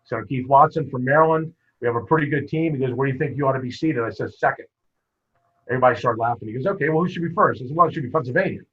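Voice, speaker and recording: A man, a wrestling coach, telling stories in a casual interview, lively and full of quoted dialogue. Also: medium pitch, rapid-fire, breathy edge. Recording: muffled lo-fi podcast audio.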